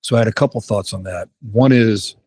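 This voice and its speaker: A man hosting a podcast interview, speaking in a measured way as he steers the conversation. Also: on the low side, darkish tone, slightly rough, no echo. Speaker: podcast host.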